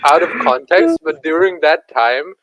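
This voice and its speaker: A man's voice: a little high, lively intonation, normal speed, a bit bright, low-quality recording. A man hosting a casual podcast chat, jokey and crude, who laughs a lot. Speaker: podcast host.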